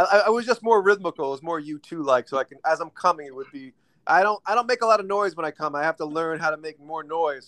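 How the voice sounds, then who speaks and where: A man's voice: a little high, a bit bright, dry recording. A man hosting a podcast, joking crudely in casual chat. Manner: crude, joking, laughs often. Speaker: podcast host.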